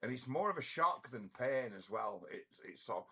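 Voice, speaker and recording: A middle-aged man rambles through a story, blunt and profane. His voice is gravelly and a little raspy, yet it carries a bright, forceful bite. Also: mid-range voice, lively intonation, a little slow. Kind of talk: casual storytelling monologue.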